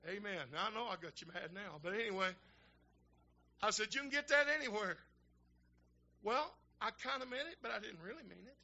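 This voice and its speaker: An older man, a minister telling folksy stories in a sermon that build to shouting fervor. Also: high-pitched, animated, brisk, pauses often, highs cut off. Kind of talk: storytelling sermon.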